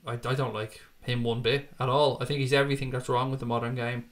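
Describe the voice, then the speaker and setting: A man's voice: mid-range voice, little pitch movement, fast talker. A chatty, foul-mouthed male football streamer. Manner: chatty, swears freely, laughs off comments. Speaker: football channel host reading viewer comments. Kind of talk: casual live-stream chat.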